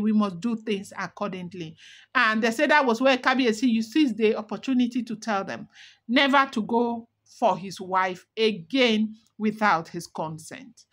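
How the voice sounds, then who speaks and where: A woman's voice: fairly high pitch, normal speed, fairly bright tone. A woman narrating celebrity gossip in a dramatic, repetitive, emphatic way.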